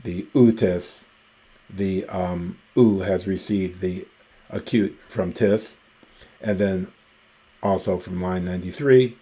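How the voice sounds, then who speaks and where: Male teacher, deep voice, unhurried and methodical, lecture delivery with frequent pauses. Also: warm tone. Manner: slow, methodical, pausing often with ums. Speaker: Greek teacher. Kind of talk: recorded grammar lecture.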